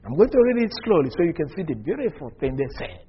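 A man preaching in a husky voice that sits a little high and swings widely in pitch. He leans on single words and poses rhetorical questions. The recording is dull and lo-fi. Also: big pitch swings. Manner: emphatic, slow deliberate stresses with rhetorical questions. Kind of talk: sermon.

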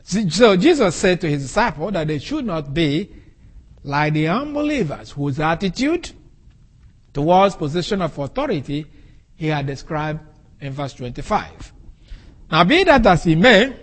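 A man preaching an expository sermon from the pulpit, speaking deliberately and stressing key words for emphasis. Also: fairly high pitch, very animated. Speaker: pastor.

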